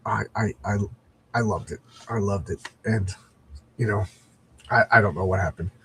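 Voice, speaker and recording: Husky middle-aged man rambling about comics. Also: fairly low pitch, normal speed, a bit bright. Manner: rambling and enthusiastic, frequent restarts. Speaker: comics livestream host. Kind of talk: casual livestream chat.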